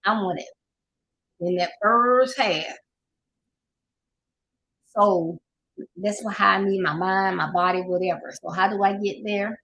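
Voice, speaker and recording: A woman's voice: medium pitch, measured pace, pauses often, a bit bright, rough recording. An older woman with a Southern US accent, hosting a casual motivational talk, folksy and preachy, sometimes laughing as she talks. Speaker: life coach host.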